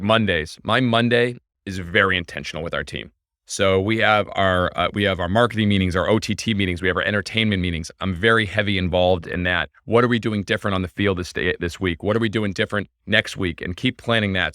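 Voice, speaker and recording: A man talks quickly and eagerly as a podcast guest. His voice is bright and forceful, and the recording is dry and close. His manner is energetic, and he tumbles from one point to the next. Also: lowish voice, no echo. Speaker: podcast guest, baseball team owner. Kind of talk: casual interview chat.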